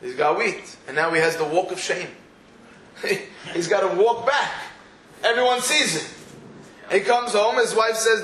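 Brief: high-voiced man teaching a Torah class, lively storytelling, echoey room with faint noise. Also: measured pace, long pauses. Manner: animated storytelling with quoted voices. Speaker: rabbi.

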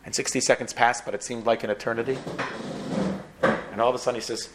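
A man's voice: mid-range voice, steady tone, fast talker, noisy background. A man telling a sermon story dramatically, with repetition, acting out the dialogue.

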